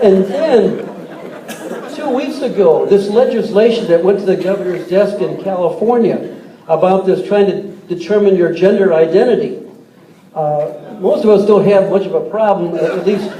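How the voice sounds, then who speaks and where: A man in his sixties giving a folksy, joke-filled political speech to an audience in a large hall. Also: sits high. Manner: folksy, tells jokes, repeats words. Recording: echoey hall, distant mic, crowd noise.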